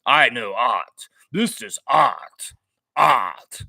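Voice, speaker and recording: A man imitating an arrogant, pompous male artist, speaking in a slow, haughty drawl. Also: mid-range voice, expressive, creaky, sharp tone, no echo, full character voice.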